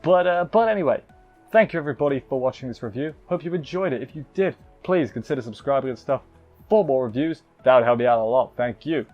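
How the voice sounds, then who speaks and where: A man's voice: medium pitch, lively intonation, fast, dull audio, faint music behind. A man casually recapping an anime episode as a reviewer, rambling with lots of fillers and self-corrections.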